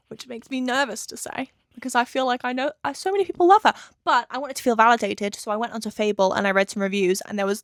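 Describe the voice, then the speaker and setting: A woman's voice: a little high, a bit bright, no room sound, studio quality. A woman in her twenties chatting casually about a book in a reading vlog, with lots of filler words. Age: 20s. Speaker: book vlogger.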